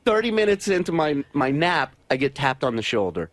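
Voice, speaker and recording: A man with a fairly high voice tells a long, exasperated story in a radio studio, swearing freely. His delivery is animated and indignant, and the sound is close and dry, with no room echo. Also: brisk. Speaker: radio show guest.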